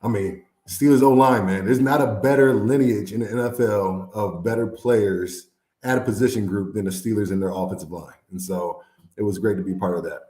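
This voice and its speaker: Lively storyteller man, echoey room. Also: on the low side, a little fast. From Fort Wayne, Indiana. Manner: animated storyteller, acts out quotes, laughs often. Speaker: former NFL player, guest. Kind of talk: storytelling interview.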